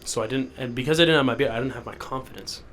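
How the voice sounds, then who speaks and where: A man's voice: mid-range voice, rapid-fire, a bit bright, a little hiss or hum. Sick, sniffly young man rambling loopily. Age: young adult. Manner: loopy, self-deprecating, meandering. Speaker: podcast host. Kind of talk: rambling solo podcast. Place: rented house basement.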